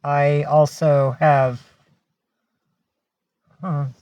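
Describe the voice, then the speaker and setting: Woman, livestream host, casual chat, dry sound, lively thank-yous. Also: deep voice, extremely slow, no room sound. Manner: chatty, greets and thanks viewers by name, baby talk to pets.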